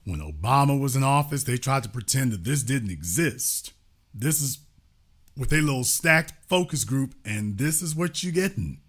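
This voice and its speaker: A man's voice: medium pitch, expressive, moderate pace, a bit bright. A man commenting on a news clip with sarcastic, groaning asides.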